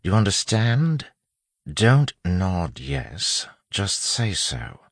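A man voicing a sly male lawman posing as a thug, speaking low and soft with a quiet threat. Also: very animated, slow, vocal fry, dry recording, exaggerated voice. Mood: soothing.

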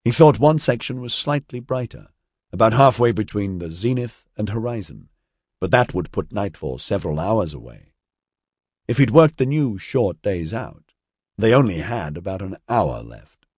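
A man narrating a story in a measured, expressive reading. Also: lowish voice, husky, no echo, studio quality. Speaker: audiobook narrator. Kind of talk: scripted narration.

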